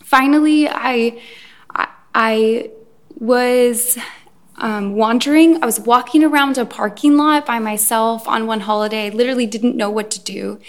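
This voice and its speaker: A woman sharing her personal recovery story at a meeting, hesitant with many pauses and restarts. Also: on the high side. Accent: Irish. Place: event room. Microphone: recorded.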